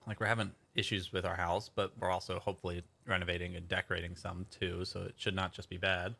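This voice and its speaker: Chatty streamer man, bright voice. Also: sits low, flat delivery, fast, gravelly. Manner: chatty, rambling, thinks aloud. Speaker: livestreamer. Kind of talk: casual chat with stream viewers.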